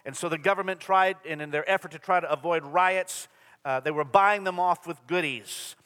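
Male pastor, slightly high voice, preaching with long hall reverb. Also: moderate pace, fairly bright tone, clean tone. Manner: earnest preaching with repetition and humor. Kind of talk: sermon. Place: church sanctuary.

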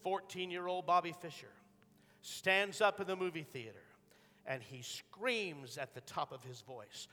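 A man preaches a sermon with a high, bright voice. He moves dramatically between hushed storytelling and loud, urgent peaks. A long reverb from the hall trails after his words. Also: a little slow, faint music behind. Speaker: pastor.

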